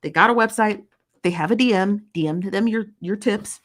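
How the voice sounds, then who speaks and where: A woman's voice: mid-range voice, normal speed. A woman giving exasperated live-stream commentary, reading comments aloud and repeating herself in disbelief. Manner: reads comments aloud from viewers. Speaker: online commentator.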